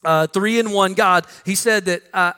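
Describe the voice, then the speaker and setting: A male pastor preaching a sermon, swinging between loud emphatic lines and hushed ones. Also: high-pitched, normal speed, clear, resonant tone. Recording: long reverb with faint music.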